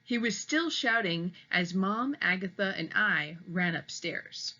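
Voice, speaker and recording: In slightly muffled audio, a woman teacher reads a story aloud to children, patiently explaining and following each point with "okay?" She has a lowish, sharp-toned voice, animated but slow-paced.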